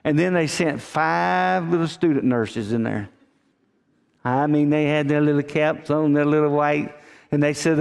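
A man's voice: on the high side, steady tone, unhurried, gravelly, big-room sound. A man preaching a sermon, telling folksy stories and calling his listeners "folk.". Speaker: pastor.

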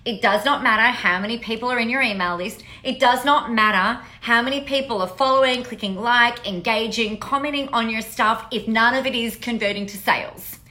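A woman hosting a podcast, talking in a casual monologue, blunt and animated with frequent swearing. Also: fairly high pitch, a little fast, few pauses. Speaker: podcast host.

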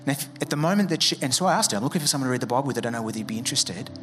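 A man's voice: medium pitch, expressive, racing, music in the background. A man preaching a sermon as a pastor, conversational and joking, acting out quoted voices. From Australia.

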